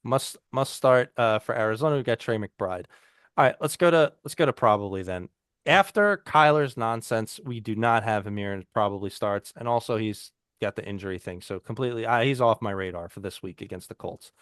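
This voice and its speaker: A man's voice: lowish voice, lively intonation, brisk, fairly bright tone, clear, resonant tone, dry recording, studio quality. A man co-hosting a casual fantasy football podcast, talking loosely with frequent restarts. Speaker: podcast co-host.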